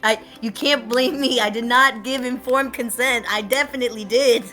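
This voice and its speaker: A woman's voice: fairly high pitch, steady tone, normal speed, bright, forceful tone. A woman playing a tabletop game in character, talking in a sheepish, joking way. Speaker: player.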